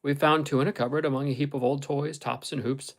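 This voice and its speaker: Man, audiobook reader, steady measured pace, mid pitch, classic novel. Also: rough recording.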